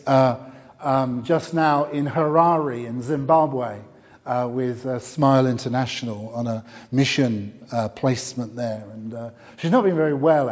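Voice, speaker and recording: A middle-aged man preaching a sermon in a church, telling stories and often pausing with fillers and restarts. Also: medium pitch. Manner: warm storytelling with frequent fillers and restarts. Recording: dull sound with long hall reverb.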